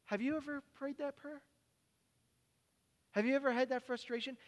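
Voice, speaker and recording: Male pastor preaching, high voice, lively then quiet and halting, echoing hall. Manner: animated storytelling, dropping to quiet, halting personal reflection. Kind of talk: sermon. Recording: long hall reverb.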